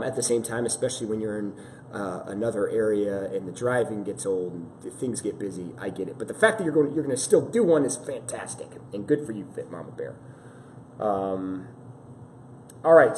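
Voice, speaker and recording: A man's voice: mid-range voice, darkish tone. A man hosting a live fitness stream, chatting casually and apologetically while greeting viewers, recorded through a camera mic. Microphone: camera-mounted mic. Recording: roomy echo with faint ambient noise.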